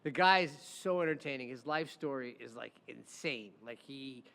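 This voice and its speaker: A man hosting a casual chat, telling stories in an animated way. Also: mid-range voice, moderate pace, creaky, big-room sound. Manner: animated, acts out quoted voices. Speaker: podcast host, defense lawyer.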